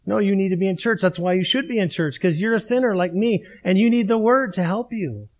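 Middle-aged man, pastor, high-pitched voice, emphatic sermon delivery with repeated phrases. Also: brisk. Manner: emphatic, repetitive preaching cadence.

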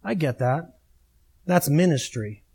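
Middle-aged man, pastor, high-pitched voice, emphatic sermon delivery with repeated phrases. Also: expressive, takes it slowly, vocal fry, a little mellow, slightly rough. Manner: emphatic, repetitive preaching cadence.

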